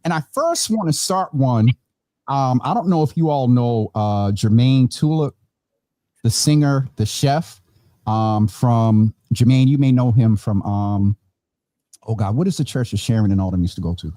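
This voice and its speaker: A tired man hosting a relaxed, chatty online show from a warm room at home, laughing now and then. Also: medium pitch, moderate pace, no room sound. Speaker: host. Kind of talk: casual chat. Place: hot room at home with vents and fan. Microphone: phone or video call.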